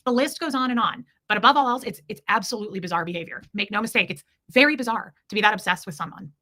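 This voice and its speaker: Fast-talking bright-voiced woman livestreamer. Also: mid-range voice. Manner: blunt, indignant, repetitive emphasis. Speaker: livestream host reading chat. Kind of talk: casual livestream talk.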